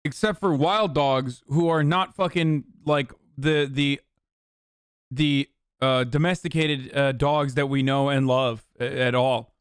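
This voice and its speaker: A man's voice: medium pitch, fairly even intonation, takes it slowly, clear, resonant tone, dry recording, clean studio sound. A man hosting a live stream, reacting casually, arguing and swearing heavily. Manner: argumentative, heavy swearing. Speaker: streamer host.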